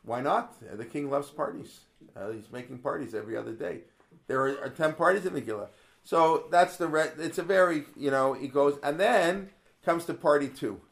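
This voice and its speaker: A man's voice: on the high side, lively intonation, moderate pace, creaky. A man teaching a text study class in a casual, conversational way, asking rhetorical questions and quoting verses aloud. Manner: conversational, asks many rhetorical questions, quotes Hebrew verses; digressive, with many restarts. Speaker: religious studies teacher. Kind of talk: Torah class lesson.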